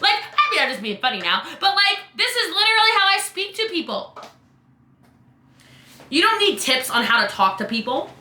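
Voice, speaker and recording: A woman's voice: high-pitched, sing-song, brisk, bright, forceful tone, echoey room. A woman business coach chatting in a live Q&A, playful and sassy, full of "like" and "okay?". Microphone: webcam.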